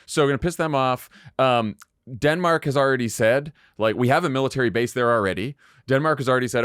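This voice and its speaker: A man talks as a guest in a political podcast chat. His voice is mid-pitched and dry, close to the mic. He is blunt and mocking, and he halts on fillers. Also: fast talker, fairly bright tone, clear, resonant tone, no echo.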